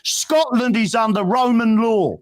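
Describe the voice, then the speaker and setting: A man's voice: extremely high pitch, measured pace. A man telling a story in a casual, emphatic chat and often tagging "right?". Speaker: guest.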